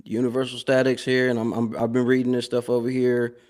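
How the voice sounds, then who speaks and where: A man, hosting a live show with a casual, animated commentary monologue that repeats phrases and laughs often. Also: medium pitch, brisk.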